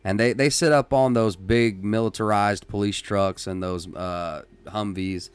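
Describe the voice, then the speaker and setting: A man hosting a casual live-stream podcast, who talks in an emphatic, rambling way with many restarts and works himself up into loud, excited rants. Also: lowish voice, measured pace, clear, resonant tone. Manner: rises into loud, excited ranting. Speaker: podcast host.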